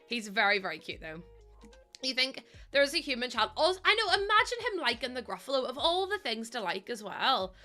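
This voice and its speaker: A chatty woman streams a game, with a bright voice pitched a little high. She rambles and giggles, fills gaps with ums, and slips into baby talk for her dog. Soft music plays quietly behind her. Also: very animated, a little fast. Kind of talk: casual gameplay chat.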